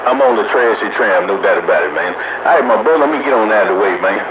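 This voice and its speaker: A man trading relaxed, slangy banter on the air with other radio operators. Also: on the low side, fast talker. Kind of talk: casual on-air radio chat. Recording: echoey lo-fi radio with static.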